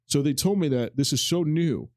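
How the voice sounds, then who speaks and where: A man's voice: fairly high pitch, moderate pace, dry recording. A man in his forties chatting casually on a podcast, telling a rambling personal story and acting out the lines of the people in it. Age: 40s. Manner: rambling anecdotal storytelling, acts out quotes, swears casually. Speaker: podcast co-host. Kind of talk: casual chat.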